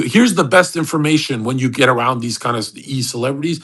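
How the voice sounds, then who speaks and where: A brash man hosts an online voice chat, delivering a foul-mouthed, swaggering rant. His voice sits a little high. He mocks people constantly. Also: normal speed, few pauses. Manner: brash, profane, swaggering, mocking. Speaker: host of an online audio chat. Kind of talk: ranting monologue.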